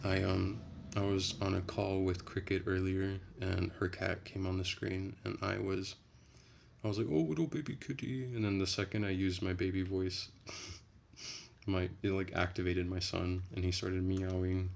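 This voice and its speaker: A young man on a casual late-night livestream, reading chat and rambling in a relaxed, soft-spoken way. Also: low voice, a little slow, creaky.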